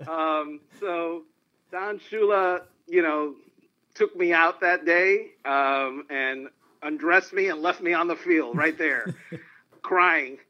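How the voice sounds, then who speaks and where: A man's voice: a little high, slow pace. A man telling anecdotes as a guest in an interview. He tells them animatedly and often laughs. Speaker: sportswriter guest. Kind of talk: phone-in interview storytelling. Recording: dull lo-fi line.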